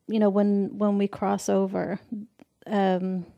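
A woman hosting a casual conversation, relaxed and reflective, with fillers. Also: mid-range voice, slow, creaky, muffled recording.

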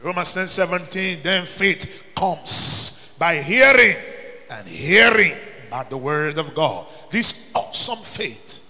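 A man preaching a sermon as pastor, building into shouts and sung phrases. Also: a little high, big pitch swings, takes it slowly. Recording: long reverb with faint music.

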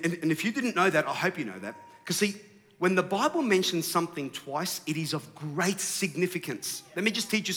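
A male pastor preaching a sermon, animated and rising to shouts for emphasis. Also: high-pitched, big-room sound.

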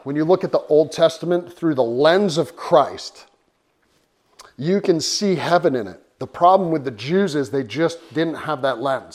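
Man, middle-aged, pastor, sermon, conversational, earnest storytelling. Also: on the high side.

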